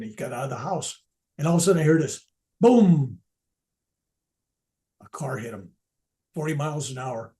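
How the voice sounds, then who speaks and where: Older man telling a story, warm tone. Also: a little high. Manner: earnest, reflective, spiritual storytelling. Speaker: reverend and speaker at a veterans event. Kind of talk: personal storytelling talk.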